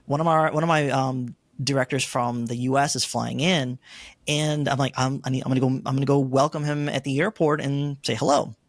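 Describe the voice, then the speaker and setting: A middle-aged man shares a personal story in an interview, his voice sitting a little high. He is recorded close in a dry setting. He acts out the remarks he and others made as he goes. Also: creaky, no room sound. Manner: animated storyteller, acts out his own quoted lines. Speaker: interview guest.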